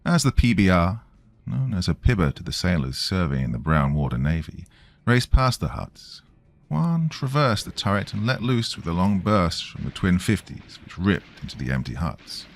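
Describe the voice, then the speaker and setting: Deep-voiced male story narrator. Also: big pitch swings, normal speed, gravelly, soft background music. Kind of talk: scripted horror story narration.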